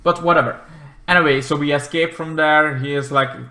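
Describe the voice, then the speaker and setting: A man recapping a video game in a rambling, excitable way, swearing often and acting out the characters in big voices. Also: a little high, moderate pace, reverberant. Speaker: game reviewer.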